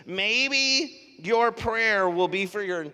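A man preaches to his congregation in a relaxed, storytelling manner, his fairly high voice bright and forceful. The sound rings with the long reverb of a large hall. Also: very slow, clean tone. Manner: conversational storytelling, animated. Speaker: pastor. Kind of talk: sermon. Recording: live sermon in a reverberant hall.

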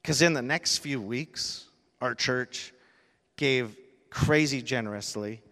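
A man's voice: mid-range voice, slow, sharp tone. A male pastor giving a sermon, telling an emotional personal story and rising to emphatic peaks. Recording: long reverb of a church hall.

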